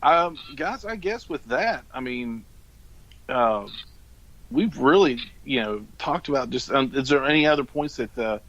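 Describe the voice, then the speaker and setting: A man's voice: mid-range voice, expressive, a bit bright, lo-fi sound. A middle-aged man hosting a podcast, wrapping up while stumbling and restarting his sentences. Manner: halting, stumbles over words. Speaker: podcast host. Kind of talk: casual podcast wrap-up.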